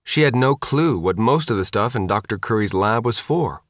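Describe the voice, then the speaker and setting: A man narrating an audiobook with an animated, wry delivery. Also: lowish voice, normal speed, no echo, studio quality. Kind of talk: scripted narration.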